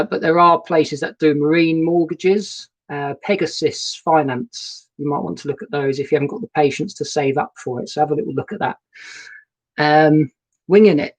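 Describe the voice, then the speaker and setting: A man's voice: a little high, low-quality recording. Male host, casual live-stream chat from a boat cabin; easygoing, rambling, greets viewers by name; laptop webcam audio. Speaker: narrowboat vlogger hosting a live stream. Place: narrowboat cabin. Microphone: laptop webcam and new microphone.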